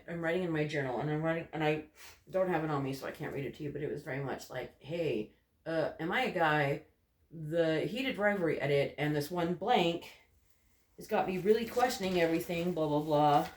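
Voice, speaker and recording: A man's voice: fairly high pitch, brisk. A young man vlogging from his bedroom in a candid, rambling way, full of "like" and "you know". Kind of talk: casual personal ramble to camera. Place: bedroom corner. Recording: roomy bedroom echo.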